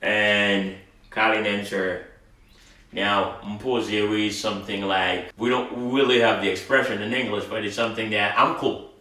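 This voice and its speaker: A man's voice: fairly low pitch, steady tone, measured pace, bright, forceful tone, distant mic. A man teaching a language lesson, explaining patiently and reading a short dialogue aloud. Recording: roomy, voice away from the mic.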